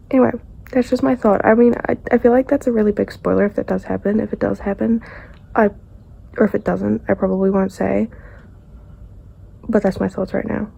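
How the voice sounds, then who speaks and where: A young woman book vlogger talking casually and quietly, often dropping into a whisper. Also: on the high side, vocal fry, slightly rough, muffled recording. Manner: soft, hushed, often whispering. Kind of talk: casual reading vlog.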